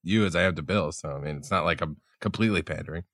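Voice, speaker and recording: Fast-talking male podcast producer. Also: deep voice, a bit bright, no room sound, clean studio sound. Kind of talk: casual chat.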